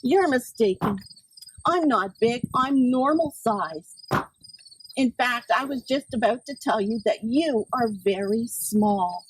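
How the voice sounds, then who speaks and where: A big, vain storybook horse, played by a woman reading aloud talks down to others in a haughty, baby-talking manner. The delivery is slow and fairly high, heard from a distance with a faint outdoor hum. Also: lively intonation.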